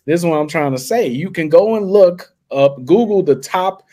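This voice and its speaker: Hyped man pitching on a livestream. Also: animated, moderate pace, mellow. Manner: hyped, slangy salesman patter; talks straight to viewers, often says "guys". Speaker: livestream host. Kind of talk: live screen-share tutorial with chat shout-outs.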